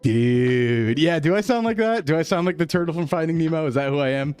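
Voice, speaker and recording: A man from New England streaming live, chatting casually with his chat and thanking viewers in an upbeat way that often jumps high with excitement. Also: fast, faint music behind.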